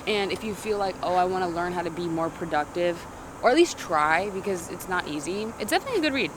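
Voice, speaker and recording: Outdoors in a city one morning, a young adult woman vlogs casually to the camera amid background noise. Her lowish voice is expressive and fast, and she rambles in slang, often cutting herself off.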